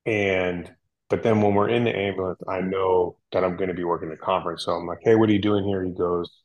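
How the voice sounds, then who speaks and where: A man's voice: deep voice, fairly quick, lo-fi sound. A man, a firefighter guest on a podcast, telling a story casually with lots of fillers and acted-out quotes. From United States. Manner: relaxed, animated retelling with many fillers and quoted dialogue.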